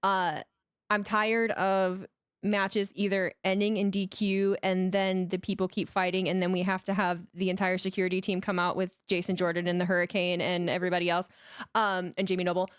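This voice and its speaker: A woman's voice: fairly low pitch, flat delivery, moderate pace, clear, resonant tone, dry recording, studio quality. A woman co-hosting a podcast in casual chat, blunt and profane, laying out advice step by step. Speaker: podcast co-host.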